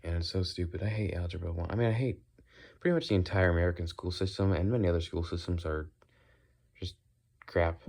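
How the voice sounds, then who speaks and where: A man's voice: deep voice, steady tone, fairly quick, a little mellow. A young man rambling opinionated thoughts while walking outdoors, now and then playing with silly accents and sounds. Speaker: vlogger. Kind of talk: casual walking monologue.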